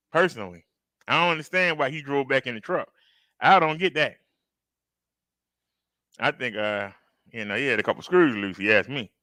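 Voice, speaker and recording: A man's voice: medium pitch, pushed and bright, dry recording. A man hosting a reaction video, talking casually and emphatically to his viewers and acting out outbursts as he tells a story. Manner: conversational, addresses viewers directly. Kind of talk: casual commentary.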